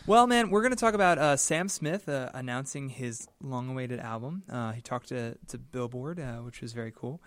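A man's voice: medium pitch, lively intonation, normal speed, few pauses, a bit bright, no echo. A man co-hosting a music podcast, laid-back and easy-laughing in casual chat. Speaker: podcast co-host.

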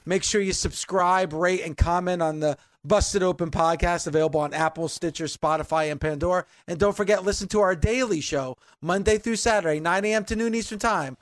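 A man hosting a podcast, measured as he sums up and reads the outro. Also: high voice, dry recording. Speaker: podcast host.

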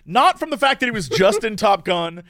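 Casting: high-pitched excitable guy, rambling podcast co-host, dry mic. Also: normal speed, no echo. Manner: excitable, rambling, laughs often. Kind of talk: casual chat.

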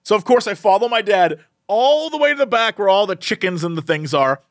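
A man's voice: high voice, brisk, dry recording, clean studio sound. A young man on a podcast, chatting casually as he tells a funny story, laughing often and acting out the people in it. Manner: animated, laughs often, acts out quoted people. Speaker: podcast co-host.

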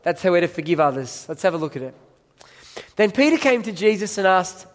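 A man's voice: high-pitched, sing-song, brisk. A man preaching a sermon in a church hall, telling the story emphatically and calling up volunteers from the audience. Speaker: pastor. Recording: long reverb of a large hall.

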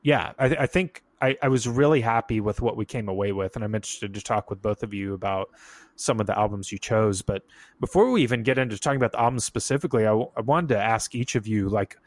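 A man hosting a casual music podcast, talking in a relaxed way with lots of fillers. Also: lowish voice, fast, no echo. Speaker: podcast host.

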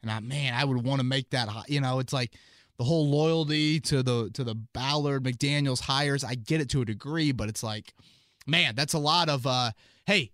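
Male podcast host, casual sports talk, rambling and animated, dry studio sound. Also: mid-range voice, moderate pace, dry recording. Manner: animated, rambling, many fillers and restarts. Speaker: podcast host and team analyst.

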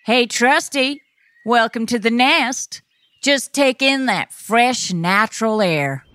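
A woman with a high, slow, slightly bright voice, over faint background noise, plays an ornithologist guest on a kids' science show. In scripted educational dialogue, she explains facts in a friendly manner.

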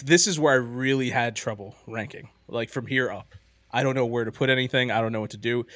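Rambling, excited man in dry sound. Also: medium pitch, no room sound. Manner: enthusiastic, rambling, heavy use of "like" and "um". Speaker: podcast host. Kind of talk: casual movie-ranking chat.

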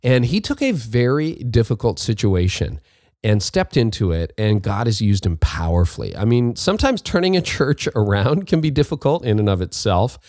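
A man's voice: lowish voice, darkish tone, dry recording, clean studio sound. A man with a Canadian accent hosting a podcast, talking in an upbeat, chatty way with little asides. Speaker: podcast host. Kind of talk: casual solo monologue.

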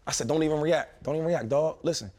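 A man in his thirties, a former pro football player, telling stories in a casual chat with slang, quick restarts and lots of animation. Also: a little high, darkish tone. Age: 30s.

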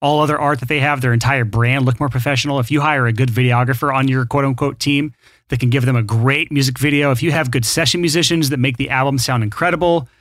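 A man hosting a podcast talks fast and easily in casual chat, upbeat and full of advice. His voice sits at an ordinary pitch and sounds dry and close to the mic. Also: fairly even intonation, fairly bright tone, no room sound. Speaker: podcast host.

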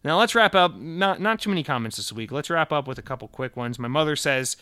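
A man from Massachusetts hosting a podcast in casual chat, animated and profane, jumping between loud rants and muttered asides. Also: a little high, brisk, hardly any pauses, smooth, no room sound, clean studio sound. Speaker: podcast host.

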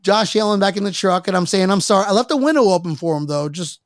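A man's voice: sits high, expressive, fast, no room sound, studio quality. A man hosting a podcast, telling a rambling story with plenty of swearing and restarts after he has been drinking. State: tipsy from drinking. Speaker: podcast host. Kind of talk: casual chat.

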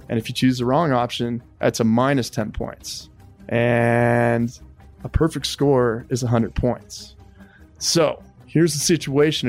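A man hosting a podcast, calmly explaining the rules of a game segment. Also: medium pitch. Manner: relaxed, explains rules step by step. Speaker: podcast host.

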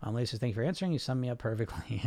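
A man's voice: medium pitch, lively intonation, very fast, darkish tone. A man hosting a live podcast, talking straight to his listeners in a rambling, emphatic way with lots of restarts. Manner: frequent restarts and "you know". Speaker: podcast host reading live comments. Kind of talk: live-streamed casual podcast talk.

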